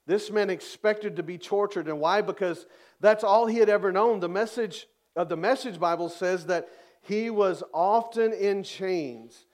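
A man's voice: high-pitched, unhurried, darkish tone. A man preaching a sermon, reading scripture aloud with emphatic, dramatic rises in his voice. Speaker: pastor.

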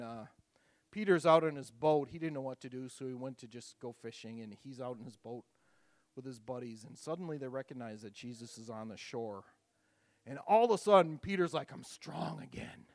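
A man preaching a communion sermon, telling the story casually with fillers, rising to loud emphatic peaks and dropping to hushed softness. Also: mid-range voice, dry recording. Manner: casual, repeats words and uses fillers. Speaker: pastor leading communion.

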